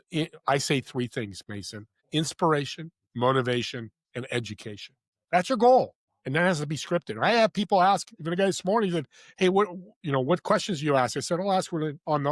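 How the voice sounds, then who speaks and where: An enthusiastic man telling stories as a podcast guest. His voice sits a bit high and the sound is dry and close. He talks with emphatic energy and lots of asides. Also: no echo. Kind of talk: casual interview chat.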